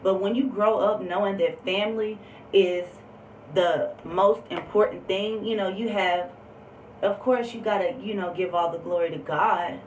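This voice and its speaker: A woman's voice: medium pitch, steady tone, measured pace, a little mellow. A woman telling a personal story on a vlog, candid and emphatic, with lots of fillers. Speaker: vlogger. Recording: roomy echo, distant mic, faint background noise.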